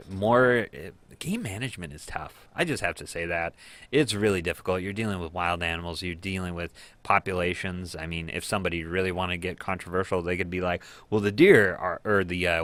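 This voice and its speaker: A man's voice: low-pitched, sharp tone, no room sound. A man co-hosting a local radio news review, chatting casually with frequent fillers and restarts. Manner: chatty, stumbling with many fillers.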